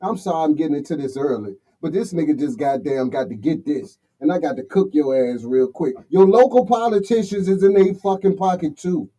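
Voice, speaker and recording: High, bright-voiced man ranting casually. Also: fairly quick, hardly any pauses, poor audio. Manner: heated, blunt, swearing. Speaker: livestream host. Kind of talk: profane casual rant reading comments.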